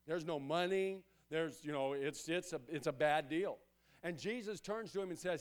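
A pastor with a notably high voice delivers a sermon. He presses his points through repetition and rises to loud, urgent exhortations. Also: normal speed. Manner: emphatic, repetitive preaching that swells to loud exhortations.

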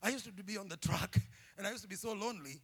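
A man preaching a sermon as pastor, animated and humorous, often shouting and laughing. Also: high voice, quick pace, slightly rough. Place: church.

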